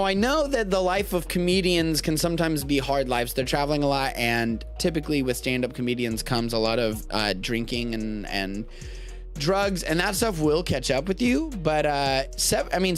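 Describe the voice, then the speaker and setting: An American man hosting a live-streamed show, chatting casually in a rambling, jokey way. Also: on the high side. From United States. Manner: rambling, animated, jokey asides. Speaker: podcast host.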